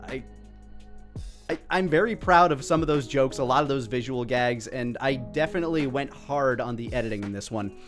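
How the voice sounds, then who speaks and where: A man's voice: mid-range voice, normal speed, soft background music. Rambling, self-deprecating man. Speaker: creator and commentator. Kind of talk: casual video commentary.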